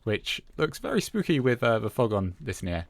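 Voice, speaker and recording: Relaxed male let's-play host, medium pitch, halting filler-heavy delivery, dry recording. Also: creaky, no room sound. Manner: hesitant, lots of "uh" and "um" fillers; relaxed, self-talking as he plays. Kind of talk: casual gameplay commentary.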